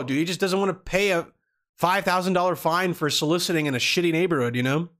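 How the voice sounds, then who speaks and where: Rambling, cursing man with a slightly high voice. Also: a little fast, a bit bright. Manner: rambling, swears freely, acts out quoted people. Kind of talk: casual storytelling monologue.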